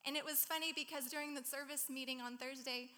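A woman preaches to her church with emotional candor. Her voice sits high and sounds bright and tense. It carries with the long reverb of a large sanctuary. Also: fairly even intonation, quick pace. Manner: emotional, warm-hearted, candid. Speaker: guest speaker. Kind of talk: sermon.

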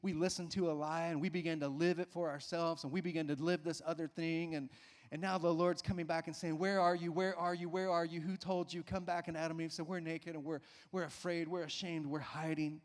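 A man's voice: on the high side, level tone, a little fast, long reverb tail. A male pastor preaching a sermon with emphatic call-outs to the congregation.

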